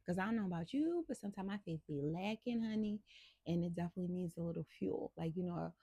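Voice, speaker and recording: A woman's voice: lowish voice, animated, fast talker, dark tone, slightly rough, dry recording. A woman hosting a casual Bible devotional, talking to listeners in a chatty, playful and encouraging way. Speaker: host of a faith devotional channel.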